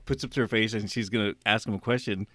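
A man's voice: lowish voice, fast talker, no room sound. A man co-hosting a podcast, telling a funny story in casual chat. He laughs as he talks and acts out what people said. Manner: animated, laughing storyteller who acts out quotes. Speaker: podcast co-host.

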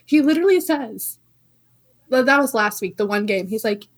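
Woman podcast co-host, brighter high voice, chatty recap. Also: moderate pace. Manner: chatty, excited recounting. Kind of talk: casual chat.

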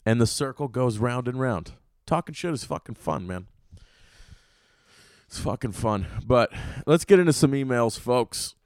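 A man's voice: medium pitch, animated, fairly quick, darkish tone, dry recording, clean studio sound. A young adult man hosting a podcast, ranting comically in a profane, rambling way. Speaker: podcast host. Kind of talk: comedic solo rant.

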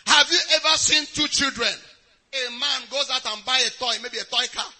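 A man preaching a sermon, chanting and rising to shouts, then dropping to hushed asides. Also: very high voice, normal speed.

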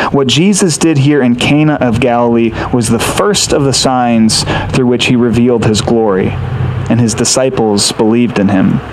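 A man delivers a sermon in an earnest teaching manner, walking listeners through a scripture passage. His voice sits at an ordinary pitch, and he keeps asking rhetorical questions to draw them in. A faint layer of noise runs under the recording. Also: poor audio. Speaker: pastor.

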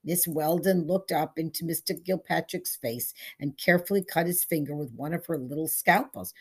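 A woman reading a short story aloud as scripted narration, in a measured storytelling manner. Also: low-pitched, husky. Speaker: story reader.

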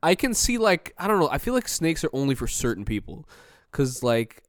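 Brief: young man, mid-pitched, easygoing slang, dry close mic. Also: very animated, moderate pace, no echo. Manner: easygoing, slangy, laughs often. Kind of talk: casual chat.

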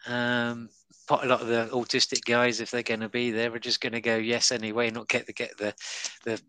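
A man telling comedy stories in a loose, rambling way. His voice is bright and forward, at an ordinary middle pitch. He chuckles along and trips over restarts, speaking through an online call. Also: monotone, a little fast, smooth, no echo. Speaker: stand-up comedian, guest. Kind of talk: casual interview chat. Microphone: online call app.

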